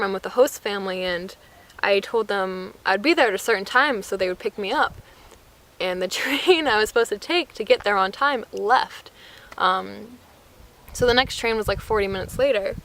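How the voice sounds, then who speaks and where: The recording is rough, but the mid-range, somewhat bright voice of a young American vlogger comes through as she recounts a travel mishap. She sounds casual and breathless, dropping "like" often and acting out quotes.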